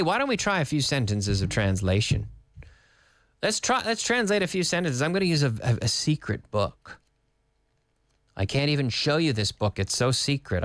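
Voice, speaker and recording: Animated male teacher, lively pitch. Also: normal speed, no room sound, studio quality. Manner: animated, playful, switches between English and Spanish. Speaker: English teacher. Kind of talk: lively TV English lesson.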